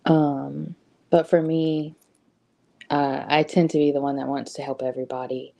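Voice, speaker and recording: A woman's voice: very deep voice, steady tone, normal speed, dark tone. A woman giving a casual motivational talk, conversational, with frequent ums and rhetorical "right?" questions. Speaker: host.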